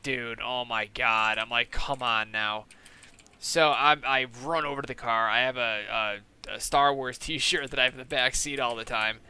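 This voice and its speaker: A young man and gaming channel host telling a story in casual, animated, profane style, full of fillers and quoted lines. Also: mid-range voice, clear, resonant tone.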